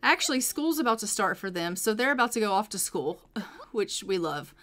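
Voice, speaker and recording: A woman's voice: mid-range voice, animated, moderate pace, a bit bright, slight background noise. A woman casually narrating a life-simulation game playthrough, chatty and loose with fillers. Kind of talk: chatty let's play storytelling.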